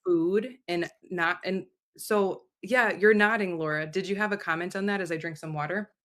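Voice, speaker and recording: Bright-voiced casual woman host. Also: fairly low pitch, fairly even intonation, normal speed. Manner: loose and casual, swears freely. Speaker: host and channeler. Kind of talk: casual live chat. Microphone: video call mic.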